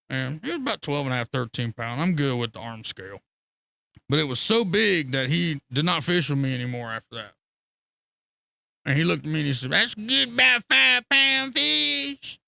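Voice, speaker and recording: Male podcast guest, high gravelly voice, rowdy profane storyteller. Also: brisk, no echo. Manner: profane, excitable, laughs often. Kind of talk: casual storytelling.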